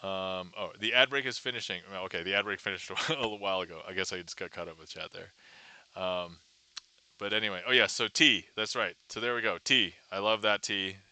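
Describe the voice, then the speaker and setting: Streamer host, male, lower-pitched with a very bright, crisp tone; chatty, greets viewers by name. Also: brisk, no room sound. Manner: chatty, greets viewers and reads chat aloud. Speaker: livestream magician. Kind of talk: casual livestream chat.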